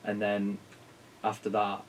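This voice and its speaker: Guy co-host, lowish voice, animated chat, mic far off with faint hiss. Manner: animated, quick, full of "like". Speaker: podcast co-host. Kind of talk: casual chat.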